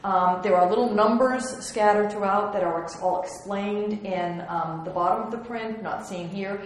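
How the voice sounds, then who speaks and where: A woman's voice: medium pitch, moderate pace. A woman giving a slide lecture on historical prints, chatty and wry, with many ums and restarts. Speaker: museum curator giving an illustrated lecture. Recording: very echoey room with faint hiss.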